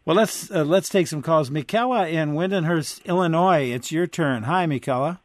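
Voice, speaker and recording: A man hosts a radio call-in show from a close, dry studio microphone. His voice sits a bit high for a man. He is friendly and laughs easily between calls. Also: normal speed, no room sound. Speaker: radio talk show host.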